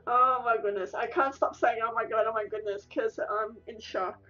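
A woman's voice: a little high, steady tone, normal speed, hardly any pauses, pushed and bright, soft background music. A woman doing let's-play commentary, emotional and exclamatory, often repeating the same exclamations. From Australia. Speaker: gaming YouTuber. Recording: distant, dull lo-fi mic.

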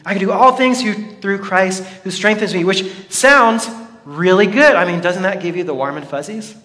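A man's voice: sits high, normal speed, bright, forceful tone. A man preaching a sermon to a congregation in a playful, joking manner. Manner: playful, jokey, talks to the congregation. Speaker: pastor. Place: church hall. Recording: reverberant hall.

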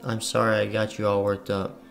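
A man reading out the lines of a calm, self-assured young female half-demon warrior from a game. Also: lowish voice, normal speed, creaky. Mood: cool. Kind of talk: reading game dialogue aloud. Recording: faint game music behind.

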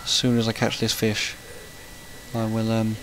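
A man's voice: fairly low pitch, completely flat delivery, unhurried, a bit bright, poor audio. A man giving casual let's-play commentary, rambling and chatty and breaking off to react to the game. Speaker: gaming channel host.

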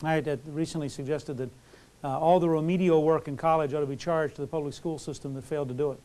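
Male lecturer, fairly high voice, loose conversational delivery full of fillers. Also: fairly even intonation, fast, dark tone. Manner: conversational, many fillers and restarts. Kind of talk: college lecture.

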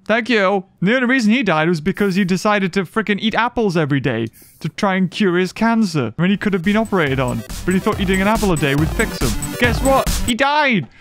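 A young man doing let's play commentary with a high, very lively voice that leaps into squeals and jokey asides. Faint music plays under his chatter. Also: brisk, hardly any pauses. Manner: goofy, jokey, sudden squeals and silly voices. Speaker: gaming YouTuber.

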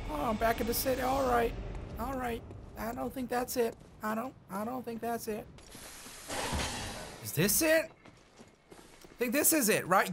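A man giving let's play commentary, swearing and exasperated, bursting into shouts, with game music behind. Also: extremely high pitch, lively intonation, a little slow, vocal fry, pauses often, background noise. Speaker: gaming YouTuber.

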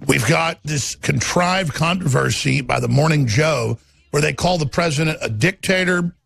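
A man's voice: a little high, moderate pace, vocal fry, fairly bright tone, faint music behind. A man hosting a talk radio show, ranting in a fiery monologue. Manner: ranting, mocks opponents in put-on voices.

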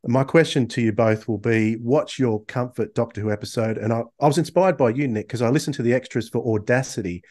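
A man hosts a casual podcast chat at a mid pitch. He keeps it friendly and loose and often backs up to restart a phrase. His delivery stays relaxed and conversational. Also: brisk, few pauses. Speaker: podcast host.

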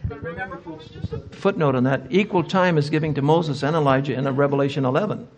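A man's voice: on the high side, fast talker. An older man speaking at a Bible conference, answering audience questions with emphatic rhetorical questions. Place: conference hall.

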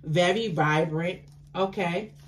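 A woman giving a tarot card reading to her viewers, chatty and affectionate, with excitable bursts of laughter and exclamations. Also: lowish voice, slow pace, a little hiss or hum. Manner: chatty, affectionate, calls listeners baby.

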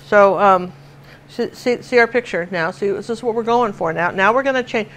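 A woman's voice: mid-range voice, moderate pace, fairly bright tone, poor audio. An older woman from Washington State giving a chatty live painting lesson, telling stories and laughing as she works. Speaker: painting teacher.

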